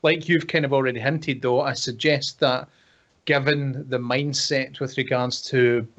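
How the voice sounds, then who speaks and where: A man with a mid-pitched voice, giving his views at a measured pace as a podcast co-host and hedging with frequent ums. He talks over an online call, and the audio sounds dull and lo-fi. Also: steady tone, a bit bright. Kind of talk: casual chat.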